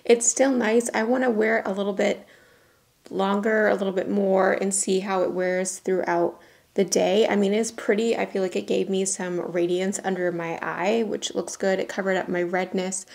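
In her bathroom at home, a young woman who makes beauty videos talks casually while doing her makeup, giggling and leaning heavily on "like" and "y'all." Her voice sits in the middle range, creaky and slightly mellow.

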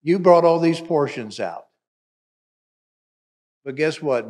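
A male pastor giving a conversational, explanatory sermon that gets animated at times. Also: mid-range voice, a little slow, pauses often.

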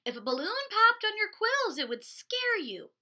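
A strict, cautious porcupine teacher, as a woman reads her out, firm and measured. The voice is bright and fairly high. It fits a children's storybook. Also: sing-song, heavily acted.

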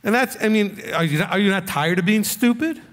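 A man's voice: high voice, lively intonation, a little fast, a bit bright. A male rabbi preaching a blunt, scolding sermon full of rhetorical questions. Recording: long hall reverb.

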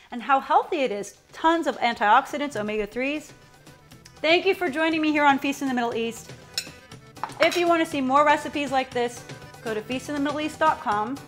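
A woman's voice: sits high, a bit bright. A woman hosting a cooking show, chatting upbeat and directly to the viewer while she cooks at the stove. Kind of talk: cooking demonstration with chatty asides. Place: home kitchen at the stove.

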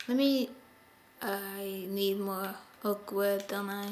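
A woman's voice: mid-range voice, little pitch movement, takes it slowly, soft background music. A woman giving casual gameplay commentary, chatty and sighing often as she talks to the animals in her game. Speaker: gameplay video host.

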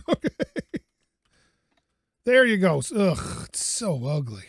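A man's voice: sits high, unhurried, pauses often, dry recording, clean studio sound. A man hosting a gaming channel, talking to himself through a let's play and swearing when things go wrong. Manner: animated, self-talking, swearing when frustrated.

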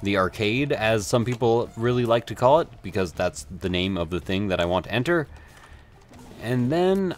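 A man talking through a video game run as he plays, rambling and offhand and swearing mildly now and then. His voice sits at an everyday middle pitch. Faint game music plays underneath. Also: animated, a little fast. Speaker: let's play host. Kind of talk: gameplay commentary.

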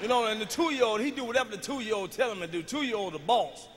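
Stand-up comic, man, very high and sharp voice, crude shouty rants, big hall reverb. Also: fast talker, background noise. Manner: profane, loud ranting with shouted bursts. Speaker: stand-up comedian. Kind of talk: stand-up comedy routine.

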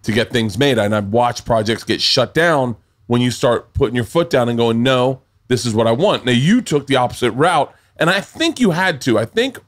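A man's voice: medium pitch, lively intonation, moderate pace, few pauses. A man from the Southern US hosting a podcast, chatting in a rambling, enthusiastic way and swearing casually. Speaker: podcast host.

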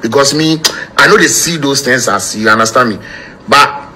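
A Ghanaian man speaks with a bright, forceful edge, boasting and brushing off a rival in loose pidgin. His tone is dismissive and sure of himself, with a faint hum of background noise. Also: mid-range voice, normal speed, low-quality recording. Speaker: musician in a played clip.

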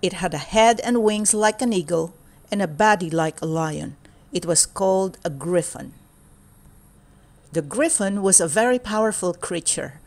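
Woman reading a children's storybook. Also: medium pitch. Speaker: storybook reader. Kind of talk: children's read-aloud.

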